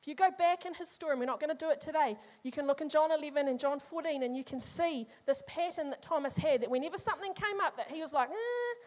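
Brief: a high-pitched, middle-aged woman preacher, lively and joking with her congregation. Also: fast, hardly any pauses. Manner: animated, humorous, addresses the congregation. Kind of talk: sermon.

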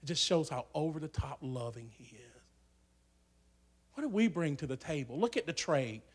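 A man preaching a sermon in a church, swinging from hushed asides to loud, shouting peaks. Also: fairly high pitch, expressive, moderate pace, husky.

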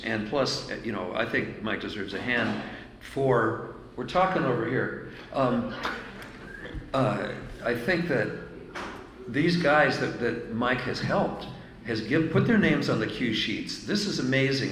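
A man's voice: medium pitch, a bit bright, reverberant, in a large hall, a little hiss or hum, low-quality recording. A man giving an earnest tribute speech to an audience, praising a colleague in loose, unscripted phrasing. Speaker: speaker at an event.

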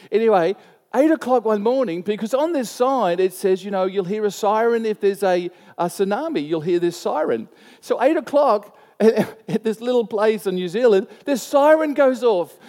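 A man preaching a sermon, telling a personal story in an animated way and laughing at himself. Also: high-pitched, big-room sound.

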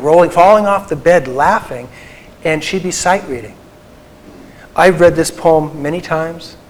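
Earnest folksy man, higher-pitched voice. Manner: folksy, earnest, drops to soft confessional tones. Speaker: Christian counselor speaking to an audience. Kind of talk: personal talk with stories to a live audience.

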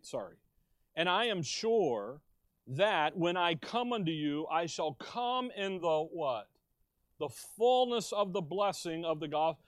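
A middle-aged male pastor preaching a sermon, slow and emphatic, asking the congregation questions and telling jokes. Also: on the high side, dry recording. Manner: tells jokes with quoted voices.

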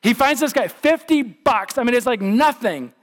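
A pastor preaches with conversational emphasis, often stumbling and restarting his words as he presses a point home. His man's voice sits notably high, swinging between quick asides and slow, weighty lines. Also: lively intonation. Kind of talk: sermon.

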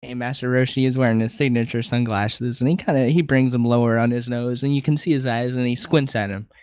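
A man's voice: medium pitch, fairly even intonation, fairly quick, a little mellow, clear, resonant tone, dry recording, studio quality. A man co-hosting a podcast, narrating an improvised fight in a laughing, rambling way. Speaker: podcast co-host. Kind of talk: comedic improvised storytelling.

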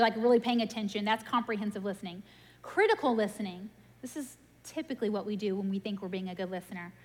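A woman giving a casual, animated sermon in a church, telling stories and laughing at herself. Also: on the high side. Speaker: preacher. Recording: long hall reverb.

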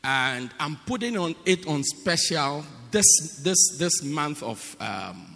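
A man's voice: a little high, big pitch swings, takes it slowly, gravelly, sharp tone. A man who is a pastor, making emphatic church announcements and repeating himself for effect, recorded in a church hall. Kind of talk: sermon announcements. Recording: echoey church hall, crowd murmur.

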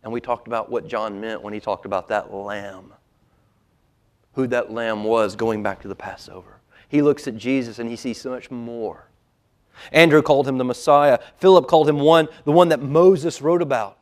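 A man preaches in a church auditorium with a mid-range voice. His quoted lines drop low and quiet, nearly a whisper at times. His argument then climbs to loud, pressing emphasis. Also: normal speed. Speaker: pastor. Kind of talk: sermon.

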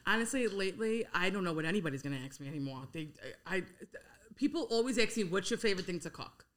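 A young woman with a Queens New York accent, chatting frankly as a guest about home cooking and gardening, blunt and quick to swear. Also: fairly low pitch, animated. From Howard Beach, Queens, New York. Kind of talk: casual podcast chat.

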